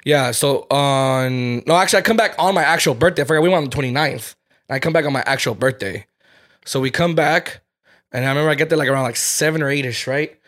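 A man's voice: medium pitch, fast, fairly bright tone. A man in his twenties, a podcast co-host, telling a candid personal story with plenty of swearing. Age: 20s. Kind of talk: casual chat.

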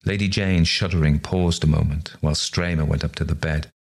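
Deep low guy reading a ghost story, gravelly fry, measured pace. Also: steady tone. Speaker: story reader. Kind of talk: storybook narration.

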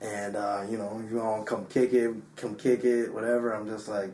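A slightly drunk man, a DJ, telling a story in an excitable, casual way, swearing often and full of filler words. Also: fairly low pitch, brisk, echoey room, slight background noise. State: a bit drunk. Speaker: DJ and guest. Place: hotel room.

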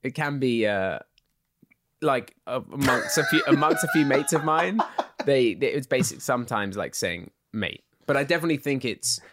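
A young man with an English accent, chatting casually as an interview guest, relaxed and quick to laugh with lots of fillers. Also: mid-range voice. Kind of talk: casual chat.

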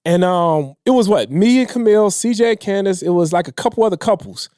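A man with a high but dark, mellow voice tells a personal story in easy, casual speech. His voice sinks low and soft whenever he quotes someone else. It is recorded close and dry, with no room sound. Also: a little fast, clean tone, no echo. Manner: emotional, drops low and quiet when quoting others. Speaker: podcast guest.

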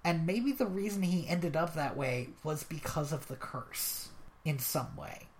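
A podcast host in casual conversation, chatty and quick, often cutting in with afterthoughts. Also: mid-range voice, darkish tone, slight background noise.

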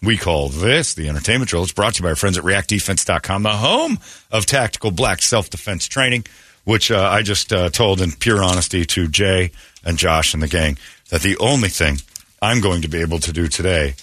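A man's voice: low voice, expressive, a little fast, fairly bright tone, no room sound. A man hosting a morning radio show, joking and rambling with his co-hosts and laughing often. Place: radio studio.

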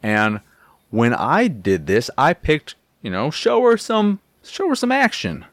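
A man's voice: medium pitch, huge pitch swings, measured pace, no echo. A young man ranting through a casual game review, profane, sarcastic and exasperated.

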